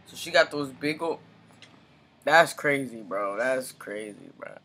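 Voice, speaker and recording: A man's voice: medium pitch, lively intonation, measured pace, heavy background noise. A man hosting a reaction video, giving casual slangy commentary. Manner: slangy, says bro a lot. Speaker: reaction channel host.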